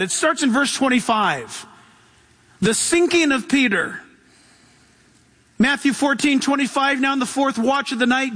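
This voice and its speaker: A man's voice: very high voice, bright, forceful tone. A man preaching a sermon as pastor, reading scripture aloud and calling out to the congregation. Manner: reads scripture then preaches with call-outs to the congregation. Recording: long hall reverb.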